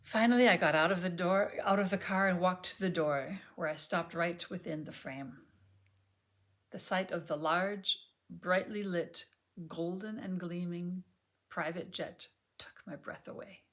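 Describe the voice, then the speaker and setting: A woman reading an audiobook chapter aloud at home, gentle and measured, sometimes dropping to a near whisper. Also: on the low side, fairly even intonation. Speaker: audiobook reader. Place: home, on a sofa.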